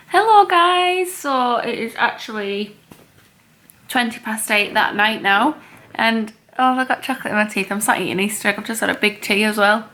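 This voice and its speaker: A young woman vlogging in a casual, chatty way, excitable and gushing. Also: mid-range voice, moderate pace, a little hiss or hum. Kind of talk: casual vlog chat.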